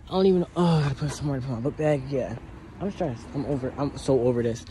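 A young man chatting straight to his viewers in a casual vlog, emotional and animated as he moves through a dorm and around a college campus. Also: mid-range voice, fast talker. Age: young adult. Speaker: vlogger. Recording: phone vlog with background noise.

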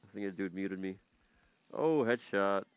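A man's voice: low-pitched, a little slow, smooth, no echo, dull audio. A man streaming a game, casually chatting and playfully repeating foreign words to practice them. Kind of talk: casual gaming live-stream chat.

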